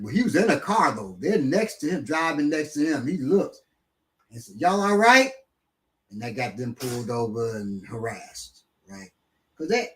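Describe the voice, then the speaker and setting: On a relaxed live stream, a man with a fairly high-pitched voice teaches martial arts and fields questions in a blunt, street-smart manner, often using fillers and sometimes cursing. The recording quality is rough.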